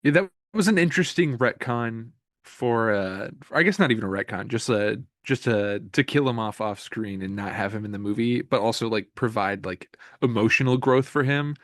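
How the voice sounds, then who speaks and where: A man's voice: mid-range voice, moderate pace, fairly bright tone, no echo, clean studio sound. A man in a casual film podcast chat, laughing often, with loose rambling phrasing. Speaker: podcast co-host.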